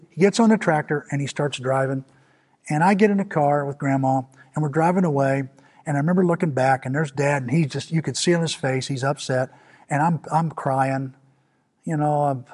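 A man's voice: on the high side, brisk, darkish tone. A male pastor preaching a sermon, telling a personal story in an earnest manner full of repetition and sudden swells of emphasis.

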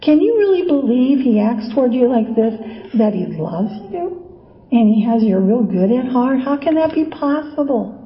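A woman voicing a soft, pitying personification of self-pity in a hushed, coaxing whispered role-play. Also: fairly high pitch, very animated, normal speed, roomy sound, long reverb tail, dull audio.

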